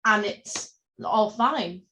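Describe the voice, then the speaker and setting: Woman co-host, mid pitch, casual rambling chat. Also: extremely slow, bright, forceful tone, slight background noise. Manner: rambling, filler-heavy, tangent-prone. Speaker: podcast co-host.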